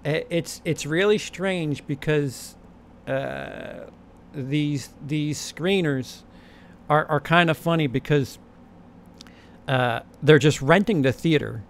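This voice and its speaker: A man's voice: fairly high pitch, slow, gravelly, a little hiss or hum. A young man hosting his channel, chatting casually in a rambling, profane way with lots of false starts and repeats. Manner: rambling, profane, many restarts. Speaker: channel host. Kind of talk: casual chat.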